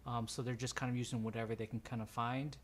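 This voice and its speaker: Man, game master, tabletop game narration, rambling, mid pitch, faint hum. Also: flat delivery, quick pace. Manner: rambling, many ums and restarts.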